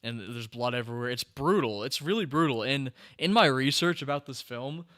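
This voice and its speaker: A man hosting a podcast, chatting casually in a rambling, animated way with many fillers and restarts. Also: medium pitch, brisk. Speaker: podcast host.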